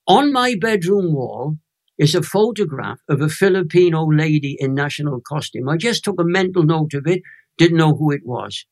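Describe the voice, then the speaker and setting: A man's voice: a little high, moderate pace. A Welsh man in his eighties, an evangelist emphatically telling a personal faith story in a chat interview. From Wales. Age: 80s. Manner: animated storyteller, emphatic and emotional. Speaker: guest evangelist.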